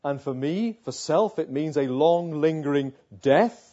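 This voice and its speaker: A man's voice: fairly high pitch, lively intonation, measured pace, warm tone. A man preaching a sermon, earnest, asking rhetorical questions and building to emphatic passages. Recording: muffled lo-fi sound.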